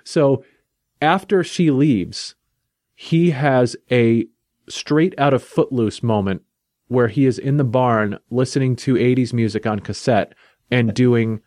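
A man hosting a casual chat, recapping a comic book plot in a lively, jokey storytelling way. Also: medium pitch, slow pace, no echo, clean studio sound. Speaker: podcast host reviewing a comic.

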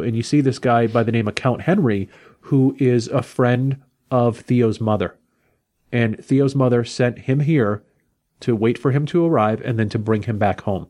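A man talks through a comic book he clearly loves, retelling the story in loose, casual chat. He stumbles and restarts often and drifts into quick paraphrases of the characters without really changing his voice. His pitch sits right in the middle for a man. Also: fairly even intonation, darkish tone. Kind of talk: casual review recounting a story.

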